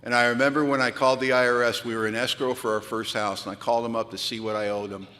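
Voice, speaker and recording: Guy telling funny stories on himself at a retreat, bright forceful voice, big echoey hall. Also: medium pitch, fast. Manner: animated, self-mocking storyteller. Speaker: recovery meeting speaker. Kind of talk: storytelling talk at a retreat. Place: large event hall. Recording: long hall reverb from a large venue.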